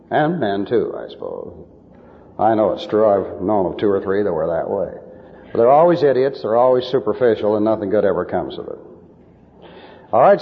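A man's voice: mid-range voice, long reverb tail, muffled recording. A male preacher giving emphatic, lecture-style Bible teaching with numbered points.

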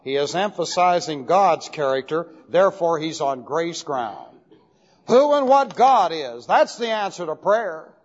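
A man's voice: high voice, slightly rough. A male pastor giving an expository sermon, emphatic and methodical, repeating key terms as he explains them step by step. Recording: dull lo-fi recording with long hall reverb.

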